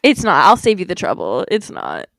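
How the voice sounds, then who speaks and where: A woman co-hosting a podcast, chatting casually during a guessing game, excitable and thinking out loud. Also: on the low side, normal speed, vocal fry, no echo, clean studio sound. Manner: excitable, thinks aloud, laughs often. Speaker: podcast co-host.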